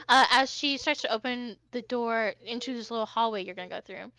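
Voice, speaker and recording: A woman's voice: on the high side, steady tone, normal speed, creaky, bright, forceful tone, clean tone, dry recording. A woman narrating as game master of a tabletop game, chatty and rambling with many fillers.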